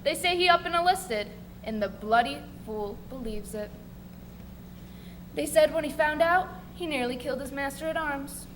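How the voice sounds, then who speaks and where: Woman doing a foul-mouthed rebel sailor man, high bright voice, coarse talk, stage recording with faint hiss. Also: normal speed. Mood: persuasive. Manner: coarse, rough talk with crude swearing. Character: bitter, rebellious male sailor stirring mutiny. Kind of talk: live college stage play.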